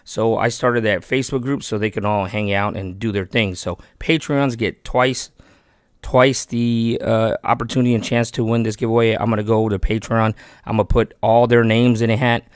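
Excitable fishing vlogger man, dry sound. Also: lowish voice, normal speed, clear, resonant tone, no room sound. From Texas. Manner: chatty and excitable, talks himself out of keeping the gear. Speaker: fishing channel host. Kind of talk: casual giveaway vlog talk.

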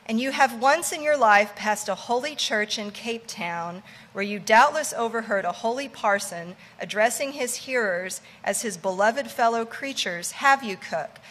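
A woman voicing a brash male ship's mate who teases and commands loudly. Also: fairly high pitch, measured pace, few pauses, big-room sound. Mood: bossy teasing. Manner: loud, teasing, commanding.

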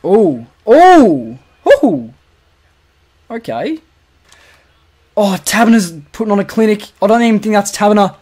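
A young Australian man calling his own football video game, jumping from quiet muttering to loud cheering when goals go in. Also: high voice, sing-song, measured pace, long pauses. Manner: swings from muttered asides to shouted goal calls. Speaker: gaming commentator. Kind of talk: excited play-by-play over a football video game.

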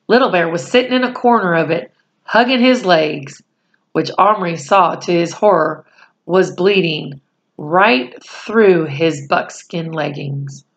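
A woman's voice: on the low side, measured pace, lo-fi sound. A woman reading a children's novel aloud, who corrects small slips and stops to explain words. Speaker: storyteller.

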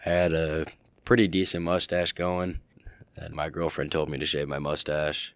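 A man's voice: extremely low pitch, level tone, normal speed, a bit bright, clear, resonant tone, no echo. A teenage boy chatting casually as a podcast guest, rambling with lots of "you know". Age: teens. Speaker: guest, wrestler and football player. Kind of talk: casual chat.

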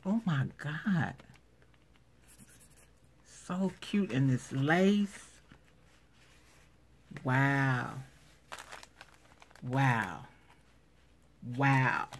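A woman's voice: rumbling low, a bit bright, a little hiss or hum. A woman vlogger unboxing craft supplies in casual commentary, gushing and exclaiming over each item. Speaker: craft vlogger showing giveaway prize.

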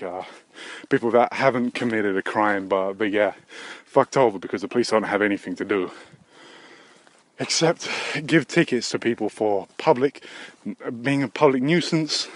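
A man talking on his own podcast, wandering from thought to thought in a loose, profane ramble. His delivery stays deadpan, steady and unhurried, with fillers scattered through his sentences. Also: medium pitch, no room sound. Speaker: podcast host. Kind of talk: rambling solo comedy podcast.

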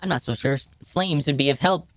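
A man voicing a calm, formal female commander. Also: fairly high pitch, brisk, dry recording, pitched above the performer's own voice, lightly acted. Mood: calm, commanding. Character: composed female leader giving orders.

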